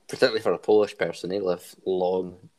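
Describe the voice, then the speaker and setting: A man with a slightly low voice hosts a laid-back podcast chat. He runs the quiz with upbeat energy. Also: steady tone, fast, darkish tone. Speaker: podcast host. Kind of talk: casual chat.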